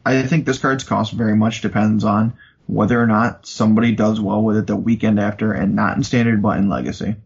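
A man's voice: fairly low pitch, little pitch movement, brisk, gravelly, breathy edge, highs cut off. A man co-hosting a podcast, teasing the others and steering the card talk along. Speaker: podcast co-host. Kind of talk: casual card-review chat.

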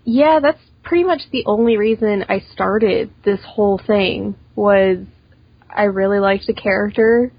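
A young woman guest, a cosplayer, talking casually in an interview, quick and chatty with many restarts. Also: mid-range voice, slightly rough, dry recording, highs cut off.

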